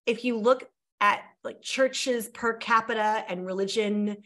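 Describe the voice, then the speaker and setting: A woman's voice: fairly high pitch, steady tone, measured pace, pushed and bright. An American woman co-hosting a casual food podcast, bubbly and enthusiastic, often saying she loves things. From United States. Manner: bubbly, enthusiastic, lots of "like" and "I love that". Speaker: podcast co-host. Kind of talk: casual chat.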